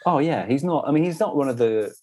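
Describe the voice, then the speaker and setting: A young adult man co-hosts a podcast, talking fast in a medium-pitched, animated, slightly mellow voice with a little hiss or hum in the audio. His casual chat is rambling banter packed with fillers.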